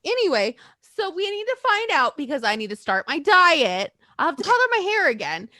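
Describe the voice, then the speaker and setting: A chatty woman talking in a fairly high, very animated voice, rambling loosely from one thing to the next. The sound is close and dry, with no room around it. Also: moderate pace, no echo. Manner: chatty, rambling, laughs often. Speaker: podcast co-host. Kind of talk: casual chat.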